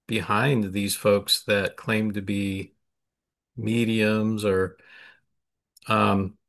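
A man joining a group discussion, speaking in a slow, halting way. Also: lowish voice, level tone, creaky, fairly bright tone. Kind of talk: casual discussion.

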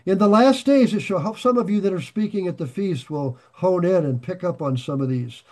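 An older man preaching a sermon, folksy and animated, joking and swinging his volume up and down as he reads scripture. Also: high voice. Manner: folksy, animated preaching with jokes and sudden shifts of loudness. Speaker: pastor.

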